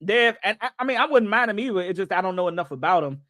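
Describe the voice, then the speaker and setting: A man's voice: sits high, lively intonation, quick pace, fairly bright tone, no echo. A man hosting a live sports reaction stream, chatting loosely with viewers and joking as he goes. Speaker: livestream sports host.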